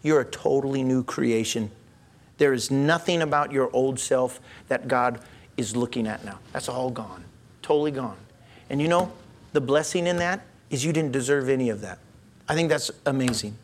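A man preaching a sermon, telling a story with animated acted-out quotes and frequent chuckles, then easing into a soft, intimate blessing. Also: medium pitch, normal speed.

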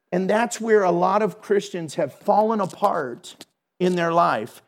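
A middle-aged man giving a storytelling sermon in a lively, conversational way, laughing at himself. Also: high voice. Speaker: Christian speaker.

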